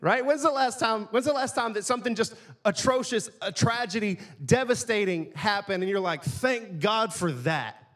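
A man's voice: sits high, fairly quick, few pauses, fairly bright tone. A man preaching a sermon as pastor, talking in a conversational way and often ending points with a questioning "right?".

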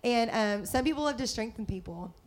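A woman's voice: fairly high pitch, lively intonation, brisk. Chatty upbeat woman. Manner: chatty and upbeat, many fillers. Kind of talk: casual faith-based chat.

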